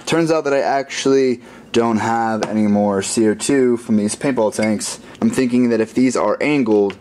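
A man building a gadget in his workshop, thinking out loud in a rambling, self-mocking way as he works. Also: mid-range voice, normal speed, a little hiss or hum. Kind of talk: casual workshop vlog narration.

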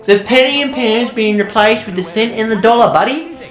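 A man's voice: fairly quick, fairly bright tone. A young man in a rambling, sarcastic comedic commentary, ranting and joking as he goes. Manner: sarcastic, mock-ranting, jumpy pitch. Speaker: YouTuber commentator. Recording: roomy echo, faint music.

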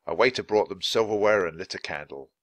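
A man reading a children's storybook aloud for English learners, narrating clearly and expressively. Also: low voice, brisk, no room sound. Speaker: storybook reader.

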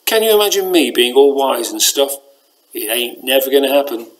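A man's voice: mid-range voice, sing-song, moderate pace, lightly acted, poor audio. A man doing a cheeky hoofed storybook creature, slangy drawl, jokey. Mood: cocky.

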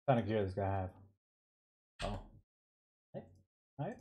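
A man's voice: on the low side, very animated, moderate pace, mellow. A man streaming a mobile strategy game, chatting playfully with friends and trash-talking opponents. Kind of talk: casual live gameplay chat.

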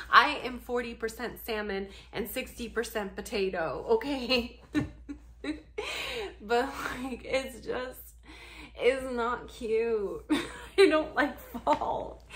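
A woman's voice: on the high side, a bit bright. A young adult woman from the Pacific Northwest, talking to her viewers in a casual, joking rant and laughing often. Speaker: vlogger.

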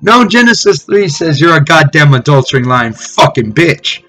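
A man preaching from scripture in a fiery, profane way, swinging between shouted tirades and low mocking murmurs. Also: very animated, moderate pace, faint music behind, poor audio. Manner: swears heavily. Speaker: street preacher.

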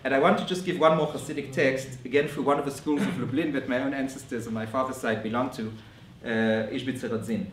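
A man giving a scholarly conference lecture in a measured way, often restarting his phrases. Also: medium pitch, steady tone. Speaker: academic lecturer. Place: lecture room. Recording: roomy echo from a distant mic.

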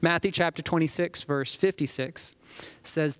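A man's voice: a little high, expressive, moderate pace, no echo. A man preaching a sermon as a pastor, telling the scripture scenes like a story and acting them out.

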